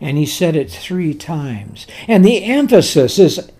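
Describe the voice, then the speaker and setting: A preacher delivering a sermon, emphatic and animated, repeating key words and restarting phrases as the story builds. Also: medium pitch, measured pace, few pauses.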